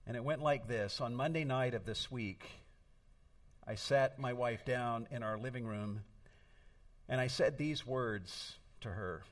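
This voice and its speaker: A man's voice: mid-range voice, measured pace. Distant-miked middle-aged preacher man. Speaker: pastor. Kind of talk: sermon.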